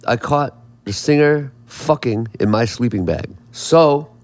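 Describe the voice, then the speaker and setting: A man's voice: mid-range voice, animated, a little slow, no echo. A man telling stories as an interview guest, rambling and profane, with many restarts. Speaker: songwriter and producer guest. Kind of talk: casual storytelling interview.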